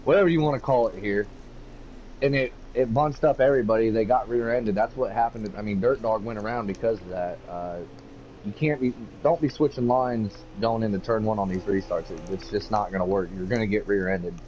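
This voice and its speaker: A man's voice: lowish voice, a little fast, a little mellow. A man co-commentating an online racing league in a casual, hesitant way with lots of fillers. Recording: dull lo-fi mic with faint hiss.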